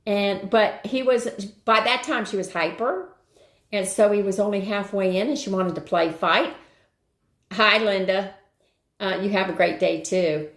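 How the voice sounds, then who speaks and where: A woman's voice: mid-range voice, fairly even intonation, measured pace, fairly bright tone. An older woman hosting a live stream, telling a rambling everyday story in casual chat and greeting viewers along the way. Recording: roomy echo.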